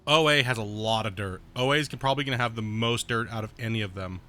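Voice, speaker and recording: Bright-voiced man rambling through game plans. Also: fast talker. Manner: thinks aloud, rambling and self-correcting; baby-talks to his cat in a high voice. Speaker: streamer. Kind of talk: casual game commentary. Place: home game room.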